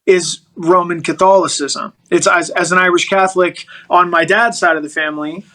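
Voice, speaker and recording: Middle-aged male guest, high and bright, animated storyteller who restarts his sentences. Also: moderate pace, poor audio. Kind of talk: personal storytelling in a podcast interview.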